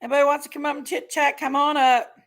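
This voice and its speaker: A woman's voice: sits high, little pitch movement, quick pace. A woman hosting a casual livestream, chatting and reading out viewers' names with frequent laughs. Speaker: livestream host.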